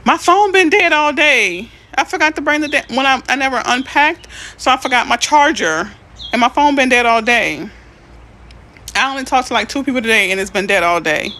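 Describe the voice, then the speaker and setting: A woman's voice: sits high, moderate pace. Effusive realtor woman on a livestream. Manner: effusive, excitable, tearful at times. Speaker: realtor and motivational host. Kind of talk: emotional live-stream chat.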